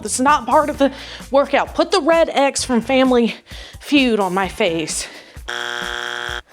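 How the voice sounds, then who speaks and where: Faint music plays behind a young woman vlogging her workout at home in the living room on a clip-on mic. She rambles and jokes at her own expense, her high voice animated but a little slow, with frequent pauses.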